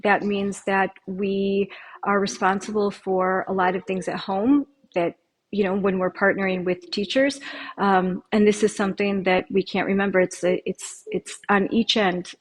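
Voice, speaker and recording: A woman speaks as a school board candidate in a heartfelt personal appeal. Her talk is earnest and emotional. She often breaks off, restarts, and fills pauses as she goes. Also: medium pitch, fairly even intonation, low-quality recording.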